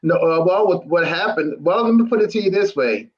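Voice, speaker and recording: A man on a political roundtable panel, explaining earnestly with halting restarts. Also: high voice, expressive. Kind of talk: political discussion. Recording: dull lo-fi sound.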